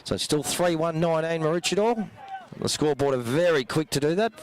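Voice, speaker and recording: An Australian man calling a live local football match as play-by-play commentator, voice going hoarse, rising to excited shouts on goals. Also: on the high side, fairly quick, rough recording.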